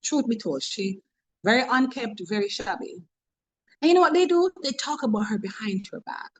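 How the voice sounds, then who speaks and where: A woman's voice: fairly high pitch, animated, normal speed, low-quality recording. Humorous Jamaican woman, motivational speaker. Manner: humorous, preachy, tells workplace stories. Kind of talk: webinar talk.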